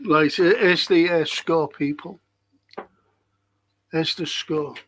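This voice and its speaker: A man's voice: a little high, fairly even intonation, slow, long pauses, a bit bright, poor audio. Rambling man on a live stream. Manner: chatty, rambling, reads out viewer comments. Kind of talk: casual live stream chat.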